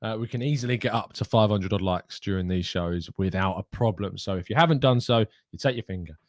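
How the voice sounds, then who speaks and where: Lowish-voiced guy hosting a live chat show, dry close sound, easygoing and chatty. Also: fairly quick, no room sound. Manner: lively, chatty, reading and answering live chat. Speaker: host. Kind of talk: casual chat.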